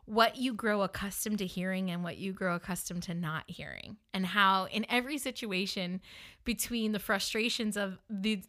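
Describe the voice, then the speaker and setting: A woman with a Northern US accent tells her story to the camera in a loose, chatty way. Her voice is bright and forward, and she keeps dropping in "like" and "you know.". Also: medium pitch. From northern United States. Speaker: funeral director telling her story.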